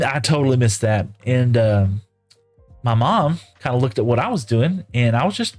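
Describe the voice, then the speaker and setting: A man's voice: medium pitch, lively intonation, unhurried, faint music behind. Folksy, rambling middle-aged man. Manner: folksy, rambling, lots of "you know" and "right?". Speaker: streamer. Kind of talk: casual storytelling while gaming.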